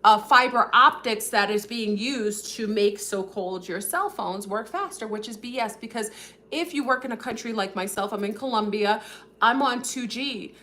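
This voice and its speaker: A woman hosting a casual livestream, talking fast and rambling with many fillers while addressing her viewers directly. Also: fairly high pitch, pushed and bright, a little hiss or hum. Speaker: livestream host.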